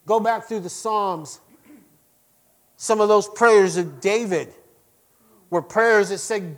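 A middle-aged man preaching to his congregation, swinging between loud emphasis and quiet lines and asking them direct questions. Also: high voice, takes it slowly, long pauses. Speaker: pastor. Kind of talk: sermon.

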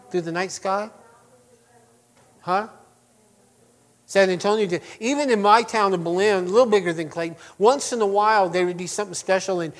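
A man preaching a sermon to his congregation, chatty and full of asides, who swings between loud emphatic passages and quiet, hushed lines. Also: high-pitched. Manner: conversational with restarts and asides to the congregation. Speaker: pastor.

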